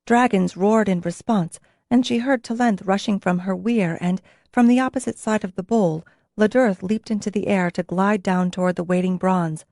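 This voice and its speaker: Woman reading an audiobook, measured even delivery, dry close mic, mid pitch. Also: no room sound. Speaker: audiobook narrator. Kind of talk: scripted narration.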